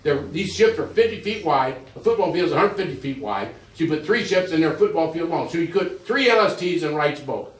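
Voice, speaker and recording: A man's voice: on the high side, lively intonation, fairly quick, hardly any pauses. An older man gives a rambling, folksy slide talk to a group in a museum, repeating himself as he goes. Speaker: museum speaker giving a talk. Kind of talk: informal slide lecture to a group. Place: museum hall with an audience. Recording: echoey room, voice from a distance.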